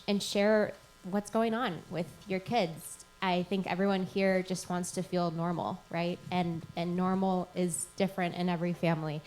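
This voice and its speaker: A middle-aged woman hosting a live event, chatty and thankful as she wraps up, with lots of ums. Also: on the low side. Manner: chatty, thankful, with many fillers. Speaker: host and moderator. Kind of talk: closing remarks at a live event.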